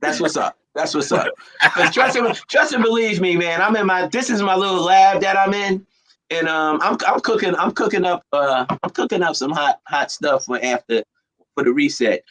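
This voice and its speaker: A middle-aged man from New Jersey talks in a casual chat. His voice sits a bit high, and he tells his stories with lively energy and frequent laughter. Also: normal speed, low-quality recording. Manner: animated storyteller, laughs often. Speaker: guest.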